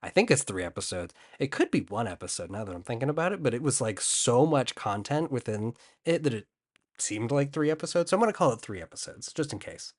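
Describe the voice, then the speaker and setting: Young man, comedic recap, rambling, slangy, casual storytelling, mid-pitched voice. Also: sing-song, brisk. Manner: rambling slangy storytelling, quoting characters in a loose offhand way.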